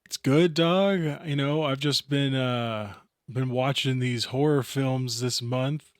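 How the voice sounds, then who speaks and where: A man's voice: mid-range voice, slow pace, no echo, clean studio sound. Goofy man co-hosting a podcast. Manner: goofy, playful. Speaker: podcast co-host. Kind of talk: casual chat.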